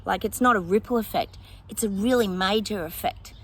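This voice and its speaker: Fairly quick and medium in pitch, a woman psychic rambles casually to her viewers about her predictions. She thinks aloud, uses lots of fillers, and laughs often, with slight background noise behind her.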